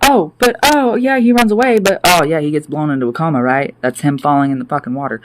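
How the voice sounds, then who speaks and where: A man's voice: a little high, background noise. Heated, profane man ranting. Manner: heated, profane, emphatic and repetitive. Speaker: vlogger. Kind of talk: ranting monologue to camera. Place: indoor room.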